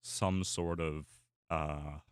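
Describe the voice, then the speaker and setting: A man's voice: a bass voice, fairly even intonation, extremely slow, smooth, no room sound, studio quality. A young man chatting casually while he draws, rambling with many fillers and restarts. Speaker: artist and YouTuber. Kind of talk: casual chat while drawing.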